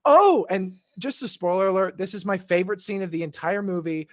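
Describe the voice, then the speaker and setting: A man hosting a podcast in casual chat, animated and laughing often, acting out scenes in voices. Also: high voice, fairly quick, no room sound, studio quality. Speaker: podcast host.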